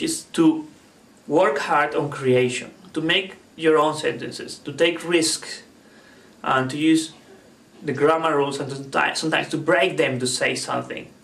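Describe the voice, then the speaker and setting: A man's voice: on the high side, gravelly, fairly bright tone. Echoey, distant man teaching Spanish. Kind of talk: online language lesson. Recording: echoey room, off the mic.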